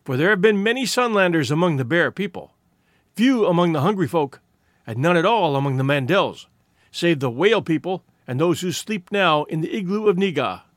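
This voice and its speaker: A man's voice: fairly high pitch, lively intonation, normal speed, no room sound, studio quality, lightly acted. A man voicing a shrewd, persuasive village man addressing a council in a storybook reading. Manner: orating, persuasive.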